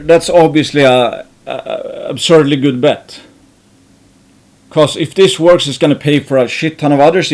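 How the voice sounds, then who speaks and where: A man's voice: medium pitch, a little mellow. Rambling man musing on investments. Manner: rambling, many restarts and fillers, casual swearing. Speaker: investing channel host. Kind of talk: thinking aloud about investing.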